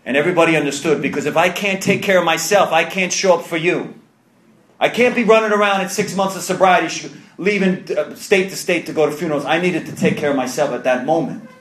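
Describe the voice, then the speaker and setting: A man telling his own story to a live audience at a recovery meeting, animated and self-mocking, acting out other people's voices as he goes. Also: fairly high pitch, quick pace. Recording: echoey room.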